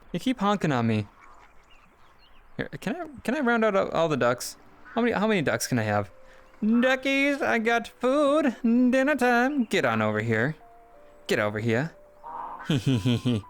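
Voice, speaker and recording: A man chatting casually on a live stream while he plays a game, playful and excitable, with frequent giggles and sudden leaps up in pitch.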